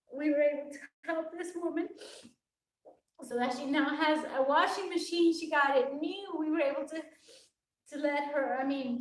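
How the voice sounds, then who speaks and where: A woman fitness coach chats on a live stream in a high voice, earnest and rambling, filling her thoughts with "it's like". She sits back from the mic in an echoey room at home, and the walls ring behind her. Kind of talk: casual live-stream talk. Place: home workout space with a yoga mat. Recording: roomy echo from a distant mic.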